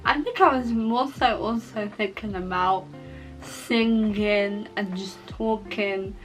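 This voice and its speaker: A woman vlogger sharing a personal testimony in casual storytelling, animated as she acts out her own past reactions, her speech altered by a mouth cover plate. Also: mid-range voice, takes it slowly, soft background music, poor audio.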